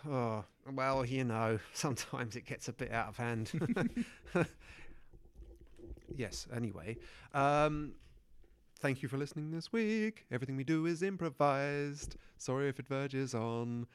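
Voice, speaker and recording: A man's voice: medium pitch, a little slow, clear, resonant tone. A man co-hosting an improvised comedy podcast, giggling lightly as he wraps up. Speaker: podcast co-host. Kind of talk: casual improv podcast outro.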